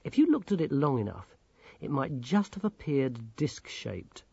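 Husky male audiobook narrator. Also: mid-range voice, no room sound. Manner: measured, expressive reading. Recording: dull, dry recording.

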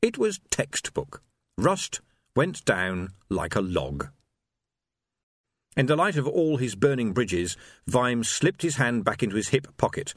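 Guy reading an audiobook, lively up and down voice, wry, super dry close mic. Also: medium pitch, slow, husky, no echo. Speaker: audiobook narrator. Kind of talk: scripted narration.

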